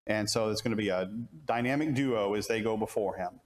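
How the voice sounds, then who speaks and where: A man's voice: lowish voice, a little fast, few pauses. Man, church teacher, chatty questioning delivery, roomy hall echo. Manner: asks the audience questions, many restarts. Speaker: preacher. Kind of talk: conversational Bible class teaching. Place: church classroom. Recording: roomy church room sound.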